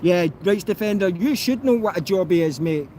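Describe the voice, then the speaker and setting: A Scottish man talks loosely to his viewers on a live stream, drifting between thoughts with plenty of ums and restarts. His voice sits a little high for a man. Faint street noise hums behind him outdoors. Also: lively intonation, moderate pace, mellow. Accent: Scottish, softened. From Scotland. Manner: chatty, rambling, with many fillers and restarts. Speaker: YouTube auditor answering live chat. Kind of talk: casual live-stream chat.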